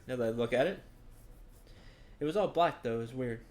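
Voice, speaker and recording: A man's voice: medium pitch, expressive, fairly quick, long pauses, a little mellow. A man streaming a video game, chatting casually, chuckling and stumbling over names. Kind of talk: casual gaming commentary.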